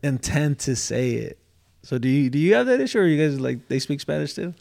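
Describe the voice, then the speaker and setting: Gravelly-voiced man in casual podcast chat. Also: a little high, big pitch swings, quick pace, darkish tone. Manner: laid-back slangy talk, swearing.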